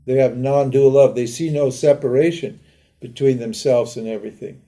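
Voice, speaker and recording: A man's voice: medium pitch, steady tone, moderate pace, warm tone. An older man teaching a live lecture in a conversational way, asking rhetorical questions and acting out pleading prayers. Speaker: Vedanta teacher.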